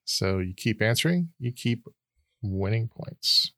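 A man hosting a trivia quiz on a podcast, brisk and dry in casual banter. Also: on the low side, animated, a bit bright, no room sound. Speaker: quiz host.

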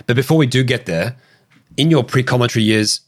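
A man hosting a podcast, asking questions in a polite, gently probing way. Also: medium pitch, brisk. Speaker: podcast host. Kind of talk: casual interview.

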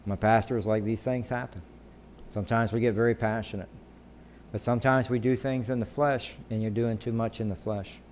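A man's voice: on the low side, fairly even intonation, brisk, darkish tone, slight background noise. A middle-aged man preaching a sermon in a conversational way, often checking in with "right?" and restarting his sentences. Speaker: pastor.

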